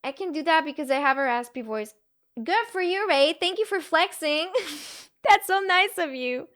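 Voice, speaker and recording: A woman's voice: high voice, expressive, normal speed, a bit bright. A young woman streaming live, chatting casually with her viewers, giggling often and answering chat messages as they come in. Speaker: Twitch streamer.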